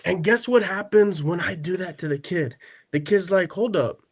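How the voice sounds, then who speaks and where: A man with a slightly raised voice tells stories on a podcast, animated and conversational. He jumps into the voices of the people he describes and keeps checking in with "right?" and "okay?". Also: high voice, normal speed, breathy edge. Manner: animated storyteller who acts out quotes; peppers speech with "right?" and "okay?". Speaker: podcast co-host. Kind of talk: casual podcast storytelling.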